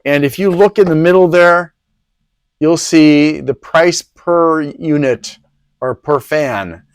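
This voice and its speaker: A man's voice: mid-range voice, dry recording. A man hosting a PC hardware review channel, talking casually with rambling, sarcastic asides. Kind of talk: casual product review talk.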